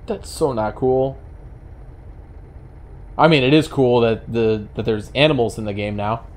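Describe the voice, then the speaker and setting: A man's voice: mid-range voice, measured pace, darkish tone. A man with a New York accent casually commenting on his own truck-driving gameplay, chatty and wry, with mock-indignant rants. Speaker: gaming channel host.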